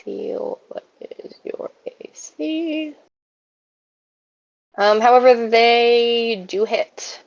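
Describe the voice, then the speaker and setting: A woman narrating a tabletop game as game master, relaxed and halting with many fillers. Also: on the high side, creaky, no echo, dull audio.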